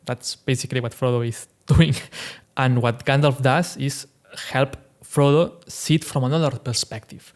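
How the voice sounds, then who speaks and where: A man's voice: medium pitch, fairly even intonation, a little slow. Chatty man explaining ideas. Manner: chatty, fillers like "right?" and "like", laughs now and then. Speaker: host. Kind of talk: casual commentary.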